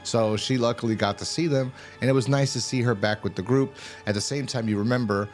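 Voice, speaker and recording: A man's voice: medium pitch, steady tone, fairly quick, faint music behind. A man giving a casual, rambling and profane review of a TV episode. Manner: rambling, profane, full of fillers and restarts.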